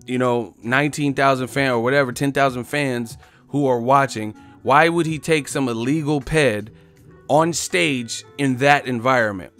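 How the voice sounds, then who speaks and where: A man's voice: medium pitch, moderate pace, faint music behind. Profane, mocking man ranting on a stream. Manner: loud, profane, mocking, laughs often. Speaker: boxing live-stream host. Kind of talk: casual live-stream rant reading chat.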